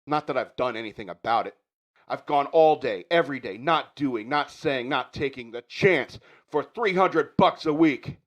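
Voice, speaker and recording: A man's voice: mid-range voice, expressive, moderate pace, close to an everyday voice. A man doing an impression of a weary office worker delivering a bitter speech as he quits his job.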